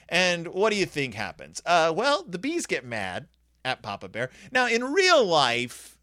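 A man's voice: on the high side, huge pitch swings, measured pace, bright, forceful tone, dry recording, studio quality. A man giving a casual, rambling and jokey review of a children's book on his video channel.

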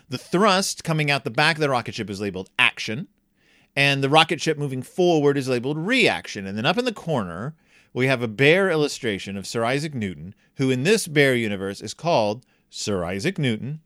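A man hosting a comedic book review, talking in an animated, jokey way with wry asides. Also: medium pitch, moderate pace, no room sound, studio quality.

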